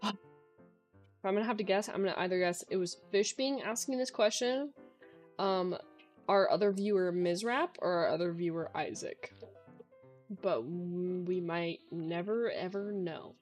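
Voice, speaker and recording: A woman's voice: fairly low pitch, a little slow, a little mellow, soft background music. A young woman streamer in a casual Q&A chat, talking in a chatty way with lots of filler words.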